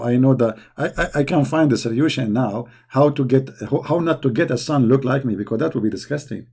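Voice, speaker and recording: A man's voice: medium pitch, a little fast, few pauses, warm tone, slightly rough. A man hosting a live chat, talking in a sarcastic, mocking way with broken grammar. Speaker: chat show host. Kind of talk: casual live-chat monologue.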